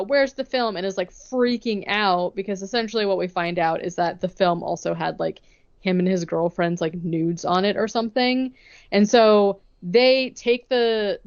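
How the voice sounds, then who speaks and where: A woman co-hosting a podcast, recapping a movie plot in a casual, chatty way and acting out the characters' lines in quick bursts. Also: medium pitch, darkish tone, clear, resonant tone, highs cut off. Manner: chatty, retells scenes with quick acted-out quotes. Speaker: podcast co-host.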